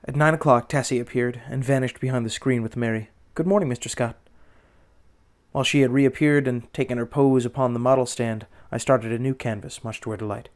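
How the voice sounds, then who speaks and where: A man narrating a classic horror story in the first person, with measured, dramatic pacing. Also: mid-range voice. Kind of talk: audiobook narration.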